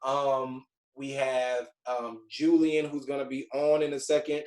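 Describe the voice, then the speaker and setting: A man's voice: medium pitch, flat delivery, measured pace, darkish tone, echoey room, low-quality recording. A man in his forties with a Southern US accent, a TV writer casually telling a group about his career in a laid-back, rambling way, with lots of "like". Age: 40s. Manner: chatty, laid-back storytelling full of "like" fillers. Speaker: TV writer sharing career advice.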